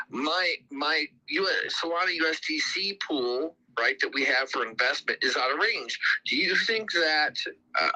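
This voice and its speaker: A man with a very bright, forceful voice hosts a casual crypto chat. He rambles and restarts his sentences, repeating words as he goes. His pitch sits a little high for a man. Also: low-quality recording. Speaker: crypto community host.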